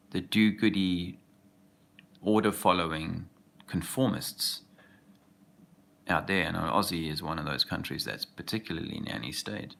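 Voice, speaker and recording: A man's voice: deep voice, vocal fry, fairly bright tone. A man talking in a rambling casual monologue as an activist video host, often losing his thread.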